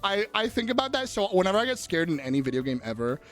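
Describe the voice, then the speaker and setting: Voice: mid-range voice, big pitch swings, fast talker, a bit bright, soft background music. A livestreamer chatting casually with viewers, rambling, giggling often and swearing freely.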